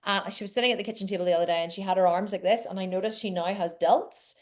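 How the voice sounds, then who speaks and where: Brief: woman host, forties, casual live-call chat, warm encouragement, rambles. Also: mid-range voice, fairly even intonation, rapid-fire.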